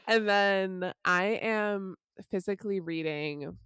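A woman's voice: mid-range voice, slow, few pauses, fairly bright tone, clear, resonant tone, dry recording, clean studio sound. A woman hosting a casual podcast while sick and sniffly, talking candidly and giggling often. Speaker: podcast host. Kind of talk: casual chat.

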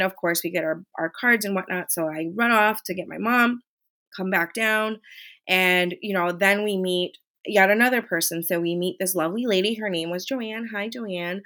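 A woman vlogger casually recounting a cruise trip, chatty and animated, acting out the people she met. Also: on the low side. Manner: chatty, animated retelling with quoted voices. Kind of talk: casual storytelling.

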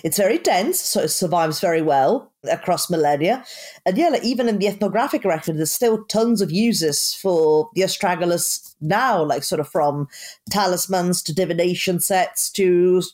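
A woman from Italy with an Italian accent, co-hosting a podcast in casual chat, dry and understated, talking in quick bursts with hesitations. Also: on the low side, expressive, darkish tone. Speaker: podcast co-host.

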